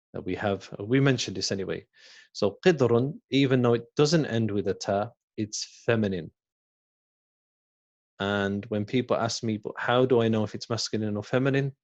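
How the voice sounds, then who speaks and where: A man teaching a beginners' Arabic class, slowly and patiently, saying each word again and then translating it. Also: on the low side, a little mellow, dull audio. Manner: slow and patient, repeats words and translates them. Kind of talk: recorded language lesson.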